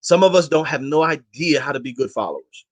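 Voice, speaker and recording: Male interview guest, rapid delivery, impassioned and slangy, exhorting. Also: a little high, expressive. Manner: impassioned, exhorting his listeners; slangy and emphatic. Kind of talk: casual interview talk.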